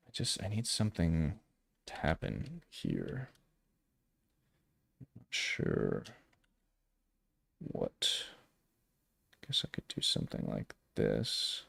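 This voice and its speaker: A man in his thirties thinking aloud while drawing on a live stream, halting and unsure, trailing off often, with dry self-mocking humor. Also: rumbling low, huge pitch swings, gravelly, fairly bright tone, breathy edge, no room sound. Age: 30s. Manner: wry self-deprecating humor.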